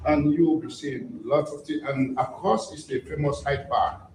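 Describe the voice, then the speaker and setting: A man's voice: a little high, moderate pace, recorded from a distance, close to an everyday voice. A man playing a cheerful male hotel greeter who keeps repeating his welcomes. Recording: echoey with loud background noise.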